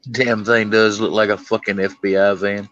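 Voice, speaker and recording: A man with a somewhat low voice speaks in casual conversation. His delivery is dry and matter-of-fact. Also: flat delivery, moderate pace, fairly bright tone, dry recording, lo-fi sound. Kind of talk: casual chat.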